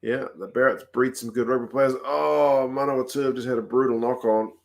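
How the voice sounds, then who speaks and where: A New Zealand man hosting a livestream, chatting casually and answering viewer comments aloud in a relaxed, talkative way. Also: mid-range voice, a little fast, creaky. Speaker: livestream host. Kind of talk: casual chat reading comments.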